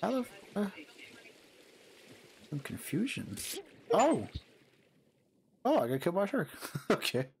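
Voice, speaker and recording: A young man gaming with a friend, cracking jokes and swearing in excited bursts. His voice has a gravelly, fry-laden texture. It is picked up on a headset mic with faint hiss behind. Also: sits high, unhurried, long pauses. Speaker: gamer. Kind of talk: casual let's play banter.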